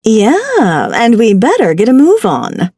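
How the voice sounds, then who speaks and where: A woman voicing a perky, somewhat haughty grandmother who talks briskly. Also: on the high side, huge pitch swings, mellow, husky, dry recording, exaggerated voice.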